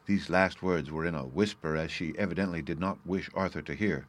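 A man reads an old storybook in a steady, unhurried way. His voice sits low, and the sound is dry and close, with no room around it. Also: no room sound. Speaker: audiobook reader. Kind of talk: scripted narration.

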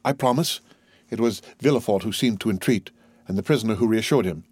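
A man narrating a classic novel as an audiobook reader, with a steady, even reading. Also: on the low side, quick pace, slightly rough, no room sound. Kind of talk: scripted narration.

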